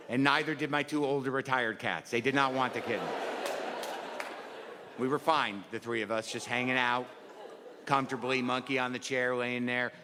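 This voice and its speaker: A man's voice: mid-range voice, noisy background. A male stand-up comedian, rambling and neurotic, self-deprecating and profane, seated on a stage before a live audience. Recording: live hall recording with crowd laughter.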